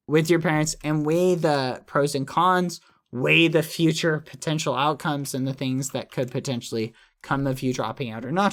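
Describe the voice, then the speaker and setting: A man's voice: fairly high pitch, a bit bright. A young man chatting on a late-night live stream, reassuring viewers in a rambling, apologetic way. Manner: reassuring, rambling, apologetic, reads chat and donations. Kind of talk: casual live-stream chat.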